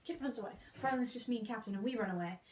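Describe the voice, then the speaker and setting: A woman vlogger retelling a story in a hyper, fast, playful comedic way. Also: on the high side, a little hiss or hum. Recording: echoey room with faint music.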